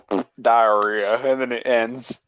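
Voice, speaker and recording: A man's voice: mid-range voice, fairly even intonation, measured pace, over a noisy crowd. A young man co-hosting a podcast, telling rambling stories to friends with a laugh. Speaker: podcast co-host. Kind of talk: casual storytelling among friends.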